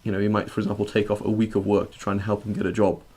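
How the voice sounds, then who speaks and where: A man's voice: on the low side, monotone, very fast, darkish tone, slightly rough. A male religious teacher giving a conversational lesson. He reads classical Arabic passages, translates and explains them, and keeps checking in with "right?". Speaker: Islamic teacher.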